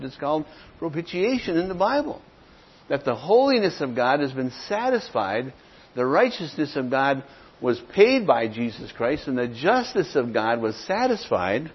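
A man teaching how to explain a gospel tract, speaking in a plain conversational way, often clearing his throat and checking in with "okay?". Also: medium pitch. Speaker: evangelism teacher. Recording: dull lo-fi recording.

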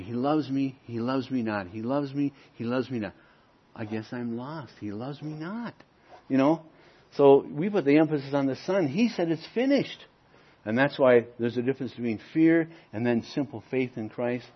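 A man delivers an emphatic sermon in a husky voice, swinging from loud, driving points to quiet asides. The recording is a little muffled and dull. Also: medium pitch. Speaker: pastor.

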